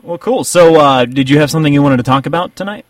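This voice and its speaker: A man's voice: a little high, fast talker, no echo. Rambling male radio host. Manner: rambling, with many fillers and restarts. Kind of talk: casual radio banter.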